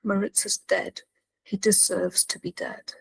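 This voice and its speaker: A woman voicing a theatrical, defiant male alien war criminal, reading his lines aloud with rising, louder emphasis. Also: medium pitch, flat delivery, measured pace, creaky, breathy edge, no echo, exaggerated voice, poor audio. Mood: anguished.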